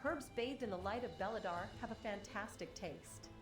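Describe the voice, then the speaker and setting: A woman's voice: medium pitch, moderate pace. A woman voicing a cheerful, chatty young villager in a game, with an AI-generated voice. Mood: friendly. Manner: chatty, lightly joking. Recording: echoey game audio over music.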